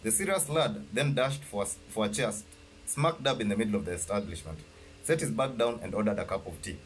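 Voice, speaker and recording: A man reading his own novel aloud, halting and correcting himself as he goes. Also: fairly low pitch, animated, soft background music. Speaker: author.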